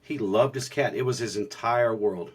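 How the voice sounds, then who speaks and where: Husky-voiced man, earnest storyteller. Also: medium pitch, normal speed. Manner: earnest storytelling with many restarts. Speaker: podcast co-host. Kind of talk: reflective casual talk on spirituality.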